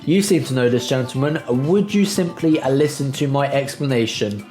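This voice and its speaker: A prim, formal lady guarding a video game den, put on by a man. The posh English accent stays crisp and courteous as she lays out the rules, with a roomy echo and soft music behind. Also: mid-range voice, normal speed, natural voice. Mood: explaining. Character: prim, polite female raid den keeper.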